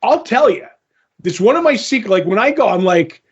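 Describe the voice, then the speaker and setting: High, husky-voiced man telling a story. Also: a little fast, highs cut off. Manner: animated storyteller, swears, acts out quoted people. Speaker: podcast co-host. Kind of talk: casual chat.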